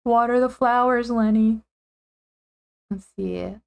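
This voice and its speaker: A woman's voice: a little high, slow pace, creaky, smooth. Giggly rambling woman streamer. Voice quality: giggly, rambling, lots of fillers and self-corrections. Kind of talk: casual live-stream chat.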